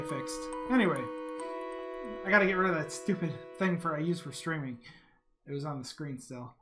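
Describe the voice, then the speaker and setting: A woman's voice: lowish voice, fairly bright tone. A woman giving rambling let's play commentary while reading game text aloud. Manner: rambling, restarts thoughts with "like". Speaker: gamer. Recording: game music behind voice. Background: game music.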